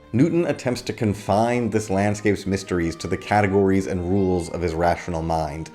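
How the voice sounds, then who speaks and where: A man giving a scripted video lecture on poetry, measured and explanatory, reading verse lines slowly. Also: deep voice, a little mellow. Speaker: literature lecturer.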